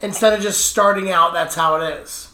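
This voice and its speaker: A woman co-hosting a podcast in casual chat, laid-back and quick to push back. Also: lowish voice, fairly even intonation, pushed and bright. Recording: echoey room.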